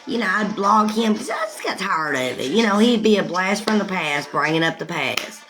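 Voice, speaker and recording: A woman's voice: mid-range voice, sing-song, normal speed, poor audio. Woman livestream host, very talkative, rambling, laughs a lot, music in the background. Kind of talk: casual livestream chat.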